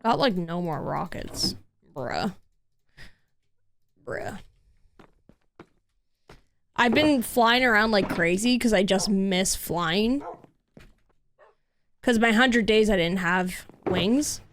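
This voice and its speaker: A woman streaming a video game in casual chat, cooing over cute cats and lapsing into soft baby talk to her pet. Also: mid-range voice, animated, slow pace, long pauses, slight background noise. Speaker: livestreamer. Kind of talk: casual gameplay livestream chat.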